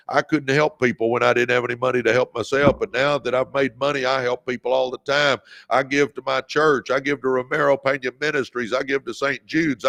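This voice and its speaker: Fervent man, gravelly voice. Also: mid-range voice. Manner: preacher-like, fervent, calls viewers baby, shouts encouragement. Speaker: livestream host. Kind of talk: motivational livestream talk.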